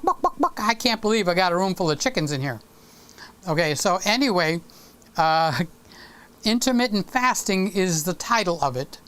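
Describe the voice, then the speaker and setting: A woman's voice: on the low side, smooth. A woman hosting a casual live stream from home, chatting straight to her viewers in a teasing, talkative way.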